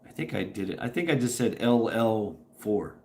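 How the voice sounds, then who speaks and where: Man, livestream host, casual chat, lowish voice, rambling, swears, faint background noise. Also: expressive, moderate pace, dark tone. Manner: rambling, laughs often, swears freely. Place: at home, indoors. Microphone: camera propped on a table.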